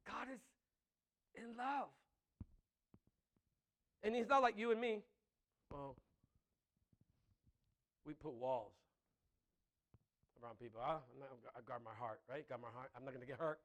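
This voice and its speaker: A man preaching a sermon with passion, moving between loud emphatic lines and soft, intimate ones, laughing between points. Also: medium pitch, expressive, measured pace, long pauses. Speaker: pastor.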